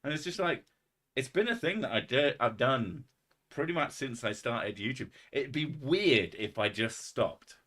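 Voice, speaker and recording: A man's voice: medium pitch, expressive, a little slow, a bit bright. A man hosting a casual live stream, rambling and self-mocking with a lot of swearing.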